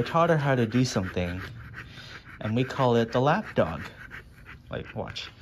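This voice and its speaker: A man filming his dogs at home, chatting casually and slipping into playful baby talk that jumps up high. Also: sing-song, unhurried, long pauses. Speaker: dog owner filming his pets. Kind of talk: casual home video chat. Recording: home video with clear background noise.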